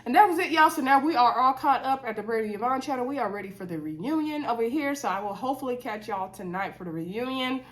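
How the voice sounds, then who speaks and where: A woman's voice: on the high side, expressive, fast talker, hardly any pauses. A woman vlogger, recapping a reality show in an opinionated, chatty way with many fillers and asides. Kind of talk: casual recap chat.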